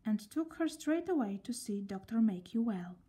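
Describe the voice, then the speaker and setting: A woman reading a children's story aloud in a gentle voice, often dropping near a whisper. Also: on the high side, animated, normal speed, husky.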